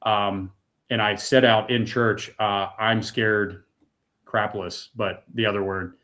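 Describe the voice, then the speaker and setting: A middle-aged man with a fairly low voice tells his own story as a podcast guest. He speaks earnestly and with deep feeling, dropping casual asides like "dude" and "man". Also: fairly even intonation, measured pace, a bit bright. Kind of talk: personal testimony in a podcast interview.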